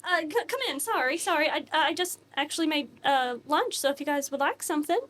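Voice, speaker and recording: A woman's voice: a little fast, fairly bright tone. A woman voicing a flustered, kindly young farm woman who apologizes and fusses over her guests. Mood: flustered welcoming. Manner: fluttery, apologetic, high-pitched.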